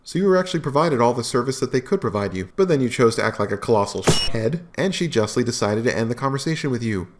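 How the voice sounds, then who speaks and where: A man's voice: mid-range voice, expressive, fast, few pauses, a little hiss or hum. A man hosting a commentary video, talking in a mocking, sarcastic way. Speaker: commentary host.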